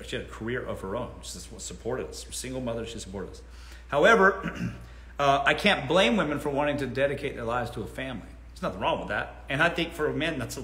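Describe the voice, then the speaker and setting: A man's voice: mid-range voice, sharp tone, echoey room. A man hosting a casual livestream Q&A from home on his phone, blunt and mocking, often laughing. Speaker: livestream host answering questions. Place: indoors at home.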